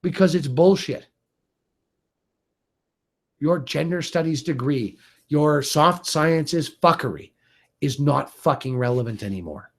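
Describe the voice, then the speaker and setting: A man's voice: fairly high pitch, expressive, takes it slowly, long pauses. A middle-aged man delivering an angry, profane rant to camera as a video blogger, heated and exasperated.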